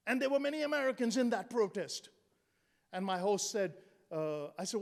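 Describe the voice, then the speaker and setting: High-voiced man in his sixties, punchy speaker. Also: lively intonation, brisk, darkish tone. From India. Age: 60s. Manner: punchy, joking, rhetorical questions. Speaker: motivational speaker. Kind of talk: humorous motivational speech.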